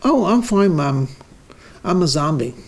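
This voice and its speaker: Stubborn deadpan zombie husband, calm and sure of himself, raised and gravelly as a man acts him in a spoken joke. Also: on the high side, measured pace, exaggerated voice. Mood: insistent. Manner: calm, matter-of-fact insistence.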